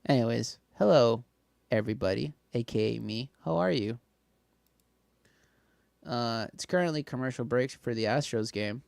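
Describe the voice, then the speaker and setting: A man co-hosting a casual podcast chat, joking and laughing often in quick bursts. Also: mid-range voice, gravelly, darkish tone, no room sound, studio quality. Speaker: podcast co-host.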